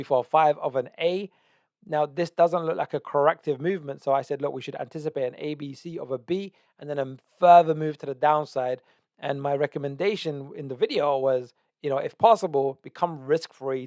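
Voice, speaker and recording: A man's voice: on the high side, a little mellow, no echo, clean studio sound. A man hosting a trading channel, walking through charts in casual, emphatic talk, often repeating himself and restarting. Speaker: trading analyst and channel host. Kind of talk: casual market analysis over charts.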